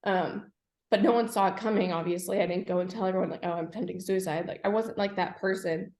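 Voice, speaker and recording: A woman's voice: fairly low pitch, fairly even intonation, darkish tone. Candid young woman in an echoey room. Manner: candid, halting, frequent "like" and "um". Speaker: guest. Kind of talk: personal story in a podcast interview.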